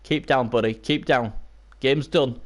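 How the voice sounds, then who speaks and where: A man casting a video game match live, hoarse and losing his voice, chatting to viewers and breaking into excited yelps. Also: measured pace. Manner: excitable, bursts into high yelps and cheers; chatty, talks to viewers and chat by name. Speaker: live stream commentator. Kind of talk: casual video game commentary.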